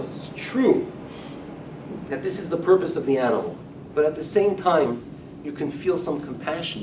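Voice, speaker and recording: A man with a fairly high voice gives a rabbi's Talmud class in a casual, conversational way, often repeating and restarting phrases as he explains. He is recorded from some distance in a reverberant room. A faint background rumble sits under his voice. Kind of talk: lecture-style Talmud class. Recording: echoey room, speaker far from mic, faint rumble.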